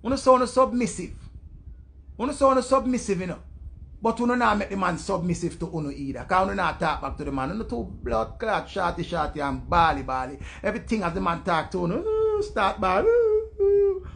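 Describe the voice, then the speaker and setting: Jamaican male vlogger, high gravelly voice, loud profane patois rant with mocking impressions. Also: a little fast. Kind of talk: ranting commentary.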